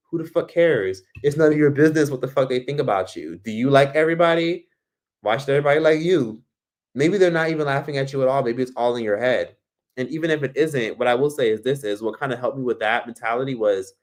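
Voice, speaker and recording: A man from Miami hosting a casual livestream, reading comments and giving blunt, profane advice. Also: medium pitch. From Miami, United States. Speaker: livestream host.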